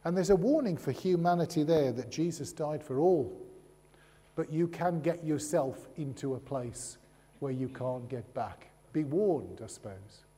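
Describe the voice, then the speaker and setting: A man's voice: a little high, expressive, a little slow, warm tone, breathy edge. Man preaching in a reverberant hall. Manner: conversational, humorous asides and rhetorical questions. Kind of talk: sermon. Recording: long reverb of a large hall.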